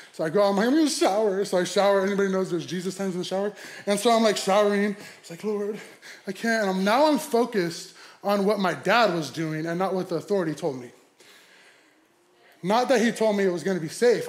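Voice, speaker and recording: A young adult man, a pastor, telling a comic story in a sermon, animated and laughing as he goes. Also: high-pitched, fast. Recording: echoey hall.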